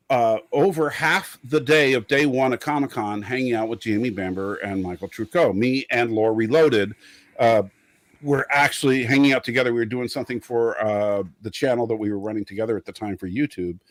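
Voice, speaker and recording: A man's voice: medium pitch, no echo. A middle-aged man with a West Coast American accent, telling a rambling story in casual chat as a podcast co-host. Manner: rambling storyteller, many fillers.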